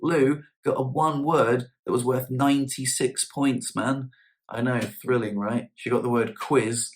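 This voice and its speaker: A man's voice: medium pitch, slight background noise. A man vlogging in a casual chat to camera, telling stories with slangy, self-mocking humour.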